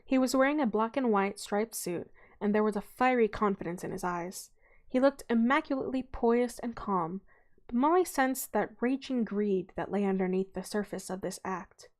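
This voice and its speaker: A young woman reads a novel aloud in a casual, informal way, often stumbling and correcting herself. Her mid-range voice is a little mellow and moves at a normal speed.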